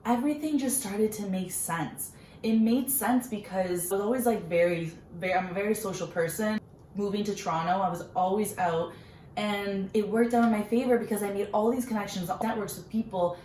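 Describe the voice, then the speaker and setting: A woman's voice: mid-range voice, a little mellow. A young woman chatting casually and earnestly about her own story, with many fillers. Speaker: vlogger, small business owner. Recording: roomy echo, faint background noise.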